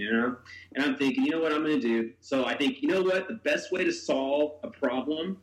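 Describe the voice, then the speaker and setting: A man's voice: on the high side, animated, a little fast, roomy sound, low-quality recording. A man hosting a podcast, telling a story in casual chat. He acts out the quotes with big jumps in his voice, swears and laughs. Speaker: podcast host.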